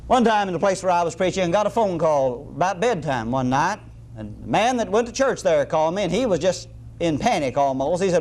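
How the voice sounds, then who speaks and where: A middle-aged man delivers a folksy sermon full of humorous asides. His voice sits high and swings widely in pitch, so he sounds animated throughout. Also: a little fast. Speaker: preacher.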